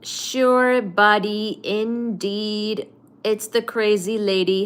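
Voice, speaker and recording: Slow-talking woman hosting a physics livestream. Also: mid-range voice, a bit bright. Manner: chatty, greets viewers by name, many fillers while explaining. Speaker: livestream host teaching physics. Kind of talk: late-night livestream, greeting viewers and explaining cosmology.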